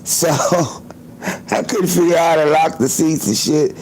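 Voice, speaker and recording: A man's voice: fairly high pitch, a little slow, darkish tone, slight background noise, poor audio. A man hosting a livestream, telling a story in a loose, profane, chatty way, laughing often, into a phone. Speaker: livestream host.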